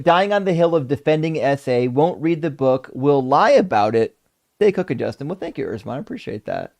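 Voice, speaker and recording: A man hosting a live debate stream, reading viewer messages aloud in casual, animated, profane talk with sarcastic asides. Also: a little high. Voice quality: gravelly. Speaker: debate stream host reading super chats.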